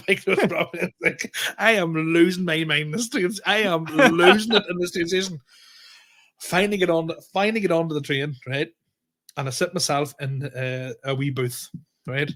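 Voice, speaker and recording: A young Northern Irish man hosting a podcast, telling a story in lively casual chat. He swears freely and acts out the back-and-forth in quotes. His voice sits a touch high. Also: moderate pace. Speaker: podcast host.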